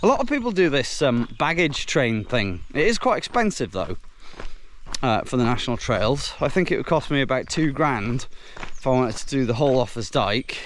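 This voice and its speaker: A British man with a medium-pitched, very animated voice films himself hiking up a steep woodland trail, talking at a normal speed with a little hiss or hum in the background. Out of breath, this hiking vlogger keeps up a chatty, casual walking commentary, puffing between remarks and exclaiming at the scenery.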